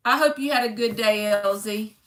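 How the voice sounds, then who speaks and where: A tarot reader on a live stream chats away, calling viewers "baby" and reading card meanings aloud from a book. Her voice sits on the high side at a normal speed, in an echoey room.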